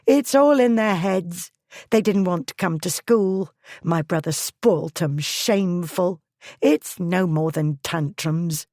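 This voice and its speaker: Woman voicing a dismissive, rough-spoken aunt. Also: on the low side, darkish tone, no room sound, clean studio sound. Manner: brisk and dismissive, with rough grammar. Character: dismissive, scheming working-class aunt. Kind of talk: audiobook character voice.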